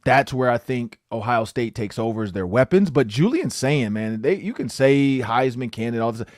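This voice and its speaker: A man's voice: mid-range voice, lively intonation, normal speed, a little mellow, no echo, studio quality. A man hosting a sports podcast, talking loosely and animatedly with lots of filler words. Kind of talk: casual sports talk.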